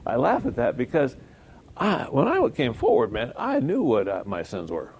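Gravelly voiced guy preaching a sermon, chatty, lots of rhetorical questions. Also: medium pitch, huge pitch swings, normal speed, a little mellow. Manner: conversational, rhetorical questions, self-corrections.

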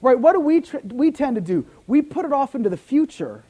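A man preaching a sermon as pastor. He swings between loud emphatic lines and sudden soft near-whispers, with frequent repeats. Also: very high voice, big pitch swings, a little fast.

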